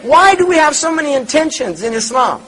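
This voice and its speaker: A man's voice: very high-pitched, very animated, a little fast, sharp tone, low-quality recording. A man giving a religious lecture, reflective, repeating words and asking rhetorical questions. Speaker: Islamic lecturer.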